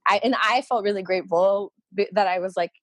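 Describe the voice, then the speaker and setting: Woman, casual storytelling, laughs often, dry close sound, mid pitch, acts out quotes. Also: a little fast, fairly bright tone, dry recording. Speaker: podcast guest.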